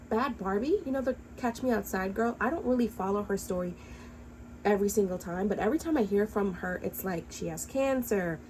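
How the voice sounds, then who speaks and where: Woman vlogger, impassioned and profane, mid-pitched, faint room hum behind. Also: darkish tone, low-quality recording. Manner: angry, impassioned ranting; blunt, profane. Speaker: commentary vlogger. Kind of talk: heated reaction commentary.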